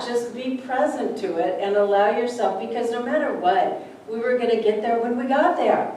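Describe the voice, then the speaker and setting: Speaking at a moderate pace in a slightly high voice, a woman minister fills her casual sermon with stories, frequently voicing the characters in them. She's in a church sanctuary, picked up by a distant mic in an echoey room with faint noise behind her.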